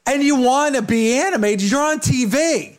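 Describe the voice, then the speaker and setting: High-voiced man telling an emphatic story. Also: normal speed. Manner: emphatic storyteller, acts out quotes. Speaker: co-host. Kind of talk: casual chat.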